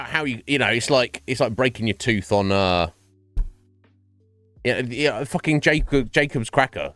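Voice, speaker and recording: Male streamer, rambling chat; animated delivery, dry mic. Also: lowish voice, no room sound. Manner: rambling, laughs often, swears. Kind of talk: casual chat with viewers.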